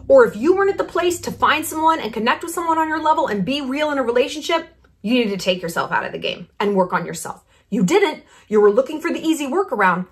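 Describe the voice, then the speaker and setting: A woman hosting her own vlog, talking bluntly and profanely with strong opinions and lively asides. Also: fairly high pitch. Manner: animated, drops into asides and mock quotes. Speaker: vlogger host. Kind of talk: casual commentary vlog.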